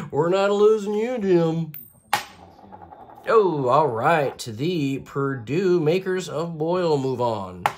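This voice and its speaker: A host doing deadpan, absurd jokes while flipping a coin for picks in a comedy vlog. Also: medium pitch, takes it slowly, a little hiss or hum. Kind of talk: comedic coin-flip bracket picking vlog.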